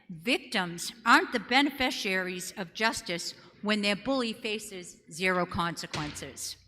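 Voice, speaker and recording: A woman's voice: medium pitch, sharp tone. A woman with a Boston accent, a state legislator giving an earnest, emphatic prepared floor speech. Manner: earnest, emphatic, argues point by point. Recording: long reverb of a legislative chamber.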